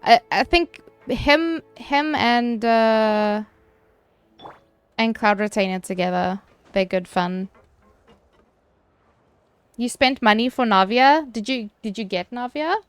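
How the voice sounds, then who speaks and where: A woman streaming a game, chatting casually with her viewers, swearing loosely and answering chat between quick laughs. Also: fairly high pitch, smooth, faint music behind.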